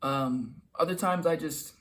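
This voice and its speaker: Bright in tone and fairly high in pitch, a young man hosts a self-help video full of loose, casual motivational advice. He chats conversationally, says things more than once, and plays out brief quoted exchanges.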